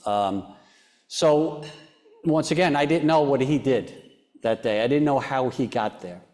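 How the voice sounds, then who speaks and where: Guest speaker, male, mid pitch; earnest, halting storyteller with fillers and restarts, sinks to near-whispers at the heavy moments. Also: expressive, darkish tone. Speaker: foundation chairman, interview guest. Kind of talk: personal storytelling in an onstage interview.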